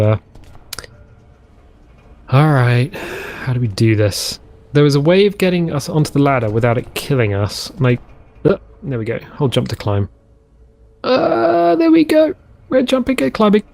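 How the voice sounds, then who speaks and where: A man's voice: mid-range voice, darkish tone. A man hosting a let's play, chatting and musing aloud in a rambling way while he plays a survival game. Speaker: gaming channel host.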